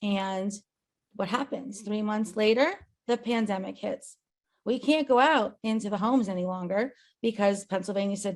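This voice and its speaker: Emphatic woman with a gravelly voice. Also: mid-range voice, moderate pace, darkish tone. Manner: emphatic, earnest, tag questions. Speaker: agency owner. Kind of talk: motivational talk on a company call.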